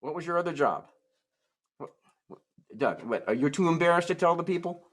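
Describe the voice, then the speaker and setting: A man's voice: on the high side, animated, fairly quick. A man performing a comic ventriloquist act, talking to his puppets in playful, stammering children's show patter. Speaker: musical ventriloquist.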